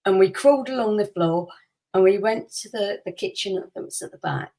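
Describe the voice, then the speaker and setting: Over poor audio, a woman podcast co-host shares a personal story in casual conversation. Her mid-range voice is brisk and lively as she acts out quotes and laughs often.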